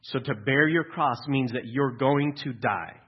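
A man preaches to his congregation in a relaxed, conversational way, slipping in dry jokes. His voice is somewhat husky. The recording sounds a little dull and lo-fi, as if taken in a church. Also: medium pitch, unhurried. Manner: conversational preaching with dry humor and acted-out quotes. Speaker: pastor. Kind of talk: sermon.

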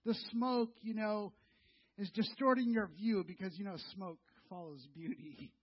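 A man's voice: high-pitched, fairly even intonation, measured pace, breathy edge. A middle-aged male pastor preaching a sermon, telling a story in a conversational way and speaking to the listeners as "you". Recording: dull lo-fi sound.

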